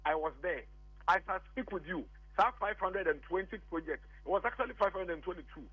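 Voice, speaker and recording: Speaking a little fast in a high, slightly rough voice, this Ghanaian radio guest keeps hammering the same political points, moving between Twi and English. It's a heated phone-in argument over a tinny line, dry and free of room sound.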